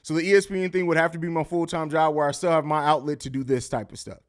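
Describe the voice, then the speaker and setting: A man's voice: a little high, steady tone, fast talker. A man hosting a live sports podcast stream, talking loosely and profanely, laughing often and reading viewer comments aloud. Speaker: podcast host. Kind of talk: casual live-stream chat.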